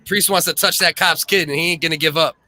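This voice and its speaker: A man's voice: on the high side, steady tone, fast talker, noisy background. A man hosting a podcast, joking and teasing his co-host in crude, profane casual chat.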